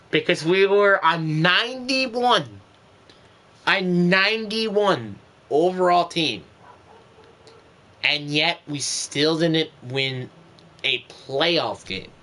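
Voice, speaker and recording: A young man talks through his football video game stream in a slow, unhurried way, his pitch swinging widely as he vents. His casual commentary keeps tipping into exasperated ranting about his team. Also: pushed and bright, a little hiss or hum.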